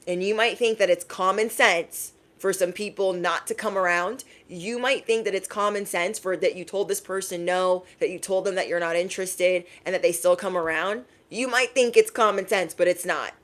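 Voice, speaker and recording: A young adult woman giving channeled intuitive messages, sassy and emphatic, repeating lines for effect. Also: lowish voice. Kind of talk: casual direct-to-camera messages.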